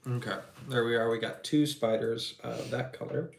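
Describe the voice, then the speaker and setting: A man talks casually as he paints miniatures, rambling from one joke to the next and laughing easily. His voice has a gravelly, creaky edge. The sound comes from a roomy, echoing space with a faint hiss behind it. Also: medium pitch, steady tone, normal speed. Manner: jokey and rambling, laughs often. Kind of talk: casual chat. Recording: echoey room with faint noise.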